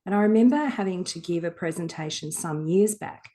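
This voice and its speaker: A woman's voice: lowish voice, lively intonation, brisk, mellow. A woman, a guest author talking frankly and reflectively in an interview. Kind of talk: casual interview talk.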